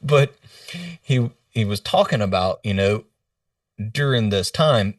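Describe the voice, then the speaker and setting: A man's voice: fairly low pitch, animated, dry recording. Earnest man, distant dry mic. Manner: earnest, halting retelling with quoted dialogue. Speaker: leadership coach. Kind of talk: podcast interview storytelling. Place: remote video call.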